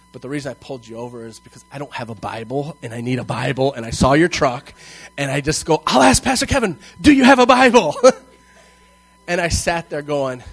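A male pastor preaching a sermon to a congregation in church, telling a personal story and acting out its dialogue with animated delivery. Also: mid-range voice, breathy edge, poor audio. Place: church service before a congregation.

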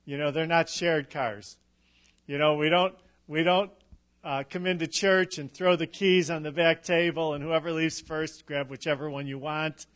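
A middle-aged man preaching a sermon, emphatic and unhurried, with dramatic pauses and touches of humor. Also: a little high, steady tone, a bit bright. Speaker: pastor.

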